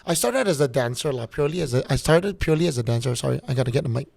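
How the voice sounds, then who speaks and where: Give me a Malaysian-accented man telling stories on a podcast, gravelly and dry, chatty and loose. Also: medium pitch, rapid-fire, dry recording. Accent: Malaysian English. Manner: chatty, animated, slangy. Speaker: podcast guest. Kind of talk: casual podcast storytelling.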